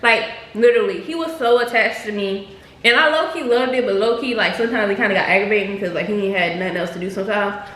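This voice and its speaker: Young woman vlogger, casual slangy storyteller, bright voice in an echoey room. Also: medium pitch, quick pace. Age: young adult. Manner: chatty, slangy, addresses viewers as "y'all". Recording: echoey room with faint noise.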